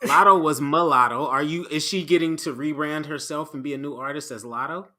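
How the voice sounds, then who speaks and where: A man's voice: on the high side, a little fast, pushed and bright. A man co-hosting a podcast, chatting casually in a skeptical, questioning, easygoing way. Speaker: podcast co-host. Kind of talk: casual chat.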